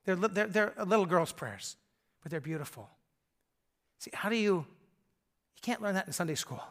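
Older pastor with a bright high voice. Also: male voice, lively intonation, normal speed. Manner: conversational, drops to soft intimate tones. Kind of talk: sermon with storytelling.

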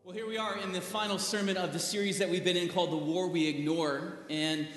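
A man preaching a sermon as pastor, in a relaxed delivery with an easy chuckle. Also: sits high, fairly quick. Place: large church hall. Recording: reverberant hall from a distance.

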